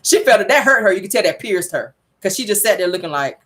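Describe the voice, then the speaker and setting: A woman recapping a reality show episode in a sassy, animated, gossipy way. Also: medium pitch, fast talker, slightly rough. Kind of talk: casual recap commentary.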